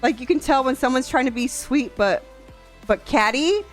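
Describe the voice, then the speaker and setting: A young woman streamer chatting casually on a live stream, animated and quick to laugh, swearing freely. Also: high voice. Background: faint music.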